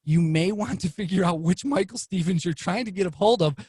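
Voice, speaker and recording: A man's voice: fairly quick, slightly rough. A man, a guest on a podcast, telling a story casually and acting out the quoted lines with his voice jumping up. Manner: animated, acts out quoted lines with rising pitch.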